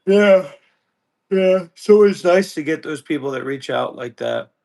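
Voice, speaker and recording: A man who streams live, talking in a casual, halting way with restarts, sounding tired. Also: on the high side, animated, vocal fry, a little mellow. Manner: rambling, halting, repeats words. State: tired, yawning. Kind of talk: casual chat.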